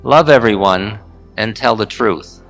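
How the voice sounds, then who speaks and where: A man voicing a gentle, playful old Indian guru who speaks softly and insistently. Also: fairly low pitch, measured pace, faint music behind, pitched below the performer's own voice.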